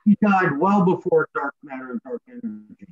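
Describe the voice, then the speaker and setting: A man with a notably high voice moderates a call. He is eager and quick to correct facts. The call audio sounds dull and lo-fi. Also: expressive, creaky, crowd noise. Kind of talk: casual Q&A on a video call.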